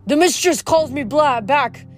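Lady reading doing a nasty storm spirit guy, lowish hissy threats, bit of music behind. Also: moderate pace, lightly acted. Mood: gleeful. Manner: hissing, shouted threats. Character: menacing male storm spirit villain, gleeful and cruel.

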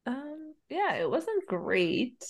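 A woman's voice: high voice, very animated, very slow. A woman co-hosting a casual movie review chat, thinking aloud and hesitant. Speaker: podcast co-host.

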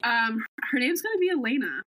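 A woman's voice: a little high, very animated, brisk, a bit bright, no room sound, low-quality recording. A young woman vlogger chatting casually and gushing as a fan, full of "like"s. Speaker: vlogger guest. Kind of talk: casual chat.

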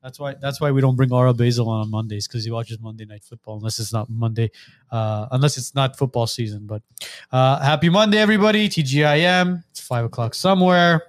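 A man's voice: mid-range voice, fairly quick, no room sound. A man hosting a casual podcast chat, rambling and retelling stories with lots of "he goes.". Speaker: podcast host.

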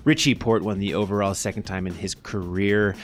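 A man hosting a podcast, talking in a quick, upbeat, chatty way as he opens the show and questions his guest. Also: sits low, fairly even intonation. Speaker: podcast host. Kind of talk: casual podcast interview. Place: Boulder, Colorado studio.

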